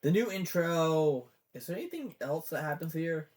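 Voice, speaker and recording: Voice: mid-range voice, expressive, moderate pace, over music. A fan commentator in a rambling, casual show breakdown who swears often and gets teary.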